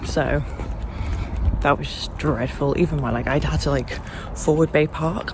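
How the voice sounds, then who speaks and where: A woman in her twenties vlogs casually to camera in a deep voice at normal speed, with background noise audible. She's frank and sweary, venting with self-mocking humour.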